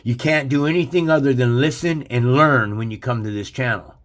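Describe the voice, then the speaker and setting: A man's voice: mid-range voice, fairly quick. A man holds forth on his channel in a hard, preachy rant. He lectures the listener directly and swears freely. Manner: aggressive, profane, preachy. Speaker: channel host. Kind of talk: ranting religious commentary.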